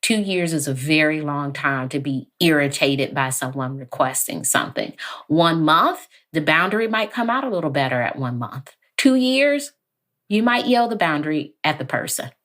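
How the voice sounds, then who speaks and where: A woman guest on a podcast interview, talking calmly and evenly, sometimes acting out quoted lines. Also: deep voice. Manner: calm, measured, acts out quoted lines. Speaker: therapist guest.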